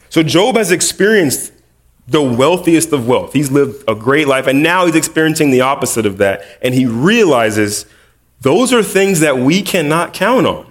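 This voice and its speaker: A man's voice: a little high, very animated, normal speed. A man preaching a casual, conversational sermon with humorous, self-deprecating storytelling. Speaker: preacher, middle school teacher.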